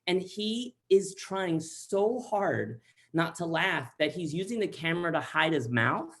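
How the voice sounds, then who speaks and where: A man from Central Texas spins a comic personal story in an animated, chatty way, scattering likes and asides. He is heard over a video call mic. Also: on the high side, measured pace.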